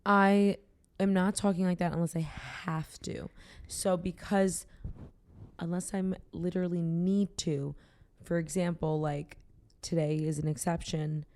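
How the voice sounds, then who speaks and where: A woman's voice: fairly low pitch, fairly even intonation, measured pace, darkish tone. A young woman hosting a podcast, chatting and teasing her co-host in a playful, casual way while having a drink. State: tipsy from drinking.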